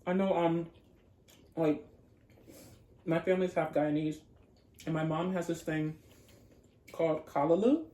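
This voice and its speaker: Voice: mid-range voice, a little slow, pauses often, warm tone. A playful, chatty host talking casually while eating, describing food in detail and calling to viewers as y'all. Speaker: mukbang host. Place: home room with dogs nearby. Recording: echoey room.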